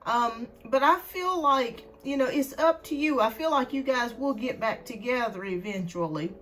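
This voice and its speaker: A woman's voice: on the high side, normal speed, a bit bright, a little hiss or hum. A woman hosting a live tarot stream, out of breath and chatting casually while she greets viewers by name.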